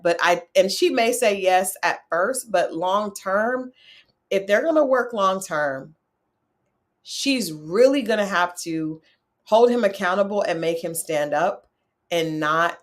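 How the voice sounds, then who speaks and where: A woman hosting a casual reality-show recap, chatty and opinionated, talking straight to her viewers. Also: fairly low pitch. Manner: chatty, opinionated, talks to viewers, animated asides. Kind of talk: casual chat.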